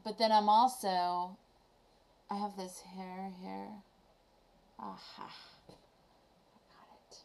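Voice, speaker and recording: A woman vlogger casually retelling a children's story to camera, animated and reflective. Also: fairly low pitch.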